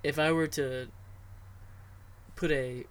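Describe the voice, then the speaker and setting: A man interviewing, thinking out loud, searching for words and often restarting his sentences. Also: a little high, fairly even intonation, takes it slowly. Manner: thoughtful, searching for words, repeats himself. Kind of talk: casual conversation.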